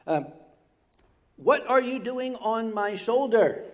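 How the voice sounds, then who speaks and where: A man's voice: very high voice, animated, takes it slowly, long pauses. An older man telling a comic story live on a convention stage. He stammers and chats with the audience as he goes.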